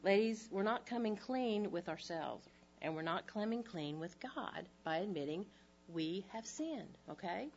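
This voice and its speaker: Woman, middle-aged, Bible teacher, lively conversational delivery, rhetorical questions, somewhat muffled recording. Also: medium pitch, a little slow, a little hiss or hum. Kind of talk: Bible teaching to a women's group. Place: room with a live audience.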